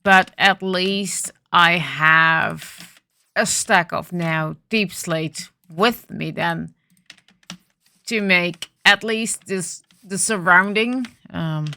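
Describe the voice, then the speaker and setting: A woman with a bright, clear tone talks slowly through her game plan, thinking aloud as she goes. Her voice carries a slight morning roughness, and she often restarts with small ums. She sounds relaxed and unhurried. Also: on the low side, dry recording. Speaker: gaming video host. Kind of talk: casual gameplay commentary.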